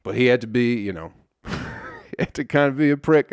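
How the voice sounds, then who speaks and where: A man's voice: medium pitch, brisk, long pauses, clear, resonant tone, no echo. A young man hosting a casual solo comedy podcast, telling a story in a loose, profane, friendly way. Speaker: podcast host.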